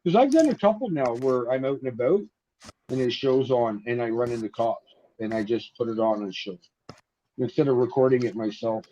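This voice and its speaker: A Canadian man from Ontario telling stories in a casual chat, animated, acting out the voices of people in his stories. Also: mid-range voice, moderate pace. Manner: animated storyteller, acts out dialogue. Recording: muffled lo-fi audio with faint noise.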